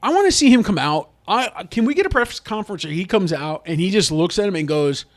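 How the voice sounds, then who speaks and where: A man's voice: high-pitched, sing-song, a little fast. A man venting in a casual sports vlog, rambling and frustrated, with many restarts. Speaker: sports fan vlogger.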